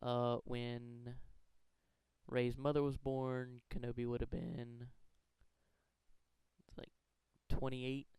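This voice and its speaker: A man's voice: medium pitch, completely flat delivery, slow, long pauses, darkish tone, clean tone, no echo, poor audio. A man earnestly talking through a fan theory countdown, rambling and correcting himself as he goes. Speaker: fan theory video maker. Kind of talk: casual countdown commentary.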